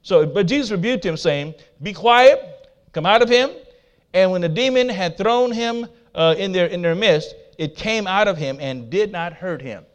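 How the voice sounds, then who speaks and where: Pastor guy preaching, kinda high voice, gets loud then goes quiet, talks right to the church. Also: lively intonation, moderate pace, hardly any pauses, clear, resonant tone. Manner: emphatic preaching with swings between loud declarations and quiet asides; laughs at himself, talks to the congregation. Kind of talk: sermon.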